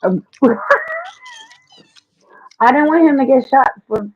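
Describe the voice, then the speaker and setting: Husky woman telling fight stories. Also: high-pitched, takes it slowly, dull audio. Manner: lively, profane, acts out quotes. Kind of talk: casual storytelling chat.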